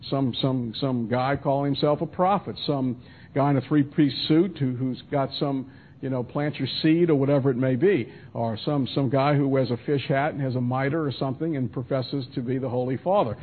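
A man's voice: mid-range voice, moderate pace. A man teaching verse by verse through a Bible passage in a conversational manner with frequent restarts and asides, heard as a radio broadcast. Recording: tinny phone-line radio broadcast.

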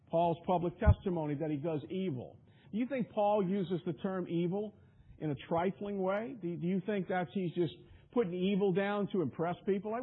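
Brief: a high-voiced, husky male preacher delivering an emphatic, repetitive sermon over a tinny radio line. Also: moderate pace. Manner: emphatic, repetitive, stumbling restarts.

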